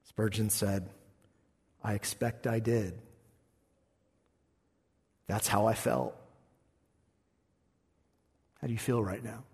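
Husky preaching man in a reverberant church. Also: on the low side, fairly even intonation, slow pace, pauses often. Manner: swings from quiet to shouted preaching. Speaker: pastor. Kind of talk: sermon. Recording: long reverb in a church hall.

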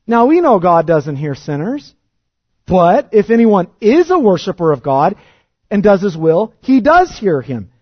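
A man's voice: high voice, sing-song, a little slow, no echo, highs cut off, pitched above the performer's own voice, heavily acted. A man voicing a formerly blind man who boldly and mockingly rebukes religious leaders. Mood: defiant. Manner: emphatic, mocking and defiant.

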